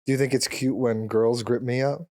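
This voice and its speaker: A man's voice: mid-range voice, steady tone, normal speed, warm tone, dry recording, clean studio sound. A man in his thirties co-hosts a casual podcast, joking and chuckling often. His laid-back voice sits in the middle range. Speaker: podcast co-host. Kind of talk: casual chat.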